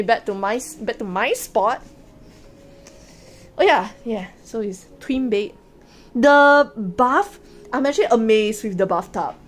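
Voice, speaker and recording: Giggly, excitable woman streamer. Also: a little high. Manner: excitable, giggly, repeats words and restarts. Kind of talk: casual live stream chat. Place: hotel room.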